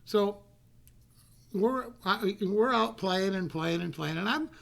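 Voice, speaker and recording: Gravelly folksy man. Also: sits high, lively intonation, slow pace. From North Carolina. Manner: rambling, folksy, repeats phrases. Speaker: storyteller. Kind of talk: casual storytelling.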